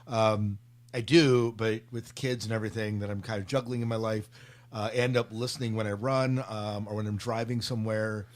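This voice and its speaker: A man's voice: fairly low pitch, steady tone, fairly quick. A man hosting a casual book podcast, teasing his co-hosts and leading the questions. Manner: joking, teasing, leads the questions. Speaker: podcast host. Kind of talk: casual chat.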